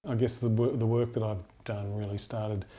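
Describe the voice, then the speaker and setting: A man's voice: on the low side, flat delivery, moderate pace, heavy background noise. A man from Australia, a former teacher, speaking reflectively in a documentary interview. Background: soft guitar music.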